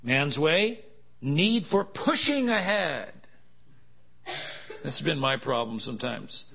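A man's voice: fairly high pitch, very animated, takes it slowly, vocal fry, breathy edge. A man preaching a sermon, with joking, laughing asides and emphatic contrasts that build in intensity. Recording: dull lo-fi sound.

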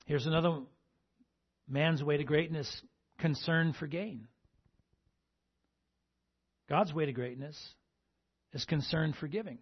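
A man's voice: a little high, slow, long pauses, breathy edge, highs cut off. A male pastor preaching a sermon and asking the congregation "amen?" between points. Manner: call-and-response, repeating "amen?" to the congregation.

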